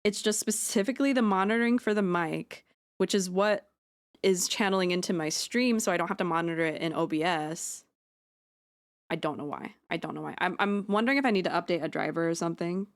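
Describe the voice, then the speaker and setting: A woman's voice: on the low side, fairly quick. Chatty, rambling woman streamer. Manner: rambling, self-deprecating, swears freely, jokey asides. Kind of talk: casual live-stream chat while drawing. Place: home streaming room. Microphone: close streaming mic.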